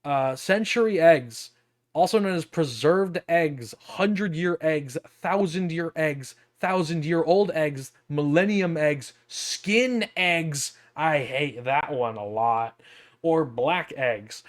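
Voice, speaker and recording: A man's voice: on the high side, takes it slowly. A man streaming casually as a virtual streamer, reading aloud and reacting in a profane, giggly, rambling way.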